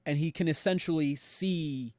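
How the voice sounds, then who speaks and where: A young man on a podcast, animatedly retelling a show with quick voiced quotes. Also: on the high side, warm tone, no room sound, studio quality. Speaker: podcast co-host. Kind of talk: casual recap chat.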